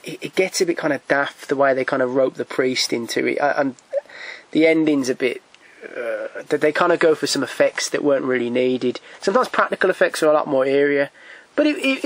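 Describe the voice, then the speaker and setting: A video collector reviews films he has bought, chatting casually and rambling with many restarts and stammered repeats. Blunt and prone to swearing, he chuckles at his own stories. His mid-range voice is recorded dry.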